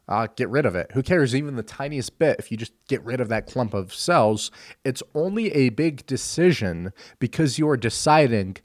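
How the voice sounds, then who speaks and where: Man, mid-pitched and forceful, dry close sound, opinion monologue full of rhetorical questions. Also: no room sound. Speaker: commentator.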